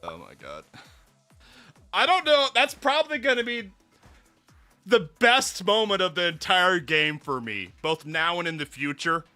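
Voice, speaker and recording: Male streamer: high, very bright voice, breathless from laughter, swearing, faint music under him. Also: a little slow. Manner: excitable, laughs hard and swears. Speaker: VTuber streamer. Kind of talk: live game reaction stream. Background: faint background music.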